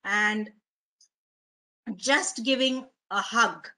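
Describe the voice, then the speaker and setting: Woman, webinar presenter, bright and fairly high voice, gentle advice-giving delivery. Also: drawn-out words, poor audio. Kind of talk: informal wellness talk.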